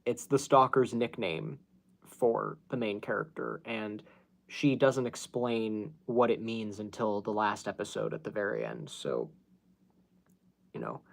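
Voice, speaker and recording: The podcast host, a man with a fairly low, creaky voice, shares stories in a loose, rambling storytelling chat peppered with fillers and false starts.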